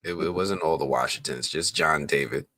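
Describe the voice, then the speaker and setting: Male critic with an extremely low voice, bright edge, relaxed anecdotal delivery, dry close sound. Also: normal speed, no room sound. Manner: relaxed storytelling, laughs often. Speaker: co-host film critic. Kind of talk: casual chat.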